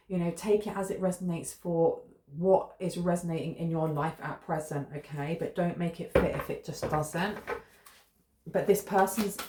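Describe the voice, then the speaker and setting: A woman giving a musing spoken tarot reading and often repeating her points. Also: lowish voice. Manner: musing, repeats herself, loosely hedged. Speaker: tarot reader. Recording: roomy echo, faint noise.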